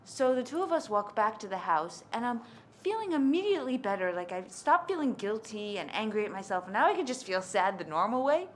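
A woman's voice: a little high, brisk, few pauses, a little hiss or hum. A woman telling a personal story in a conversational, candid way. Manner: conversational, candid, lively in quoted speech.

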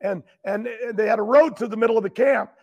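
An older man, a guest, telling long rambling stories that keep restarting, with frequent throat clearing. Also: sits high, fast talker, a little mellow, highs cut off. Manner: loose, meandering, keeps restarting and clearing his throat. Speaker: guest, racing driver. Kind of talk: rambling storytelling.

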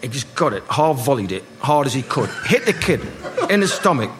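A man, telling lively football stories to a live audience and acting out the voices. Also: mid-range voice, brisk. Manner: animated anecdotes, acting out voices, laughing. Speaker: guest, former footballer. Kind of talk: live storytelling on stage. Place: live party event. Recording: noisy live room.

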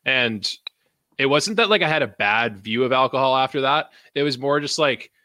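A man's voice: medium pitch, normal speed, sharp tone, dry recording. A man hosting a podcast, chatting loosely and swearing, with many restarts. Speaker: podcast host. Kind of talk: casual profane chat.

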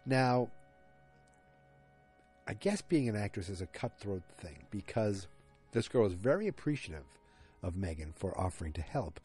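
Chatty low-voiced man recapping a show. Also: expressive, moderate pace, dark tone, husky, soft background music. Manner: chatty, digressive, self-aware. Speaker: podcast host recapping a TV episode. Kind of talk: casual chat.

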